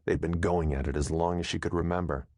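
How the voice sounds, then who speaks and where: A man narrating an audiobook in a steady, measured storytelling manner, close to a studio mic. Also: deep voice, no echo.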